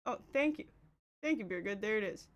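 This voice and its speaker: A woman's voice: medium pitch, animated, brisk, highs cut off. A young woman with a Canadian accent, chatting casually with her stream chat while doing her makeup. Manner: chatty, reads and answers chat. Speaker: livestreamer.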